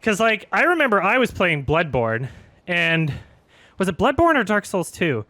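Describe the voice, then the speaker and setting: Over his live-streamed gameplay, this streamer vents with exasperation and plenty of swearing, laughing now and then. His slightly high voice sounds bright and sharp, with wildly swooping pitch and normal speed, and the dry recording has no echo or room sound.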